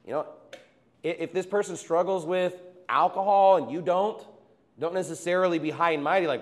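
Guy preaching in church, slightly high voice, chatty, does little voices for examples. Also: moderate pace. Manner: conversational preaching with acted-out quotes. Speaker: pastor. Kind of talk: sermon.

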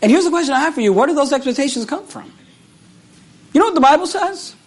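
A man preaching a sermon, reading scripture aloud and retelling it with animated, repeated phrases that swing between loud and hushed. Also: very high-pitched, quick pace.

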